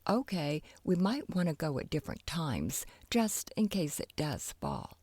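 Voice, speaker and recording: A woman's voice: sits low, sing-song, a little slow, a little mellow, slightly rough, no echo, heavily acted. A woman voicing a boastful, careless young boy in a children's storybook, cocky and chatty. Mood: explaining.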